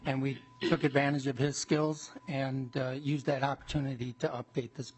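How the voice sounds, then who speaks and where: A man, a state agency commissioner, giving hesitant, halting testimony at a hearing. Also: medium pitch, level tone, breathy edge, low-quality recording.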